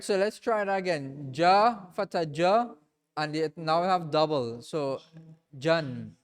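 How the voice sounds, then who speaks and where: A man teaching a reading class in a mosque, patiently repeating and drilling each sound slowly for his students. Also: high-pitched, clear, resonant tone. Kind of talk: classroom lesson.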